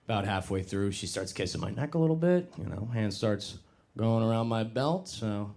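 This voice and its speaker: Animated young stand-up comedian man. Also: lowish voice, normal speed, creaky. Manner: animated, self-mocking, jumps into loud put-on voices. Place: comedy club stage with live audience.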